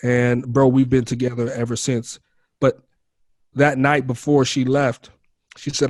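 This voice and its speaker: A man's voice: medium pitch, little pitch movement, measured pace, darkish tone, dry recording, studio quality. A man as a podcast guest, candidly telling his life story in casual talk, calling the host bro and man.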